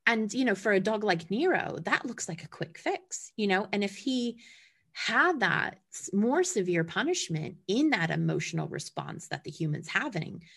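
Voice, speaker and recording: A woman's voice: mid-range voice, big pitch swings, normal speed, gravelly, fairly bright tone, slightly rough. A woman in a casual conversation about dog training, talking animatedly and acting out her dogs' reactions.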